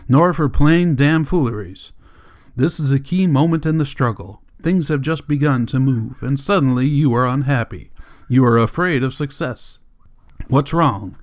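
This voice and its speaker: A man reading a sarcastic, forceful political leader. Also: medium pitch, close to an everyday voice. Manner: biting, sarcastic. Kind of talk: audiobook character reading.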